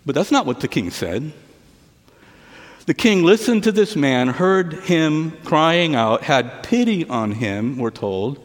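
Pastor preaching in an echoing hall. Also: male voice, sing-song, takes it slowly. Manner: retells a parable with asides, often dropping to a quiet low voice. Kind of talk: sermon. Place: church service.

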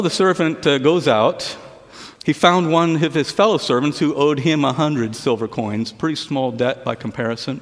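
A man preaching a sermon to a church service, retelling a parable with asides and often dropping his voice low and quiet. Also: in a large hall. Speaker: pastor.

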